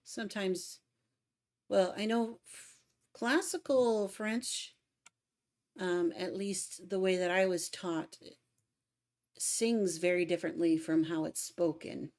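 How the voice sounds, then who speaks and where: A woman's voice: on the low side, fairly even intonation, takes it slowly, long pauses, a little mellow. A woman hosting a casual livestream, reading viewer comments aloud and giving short agreeing replies. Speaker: livestream host and cover singer.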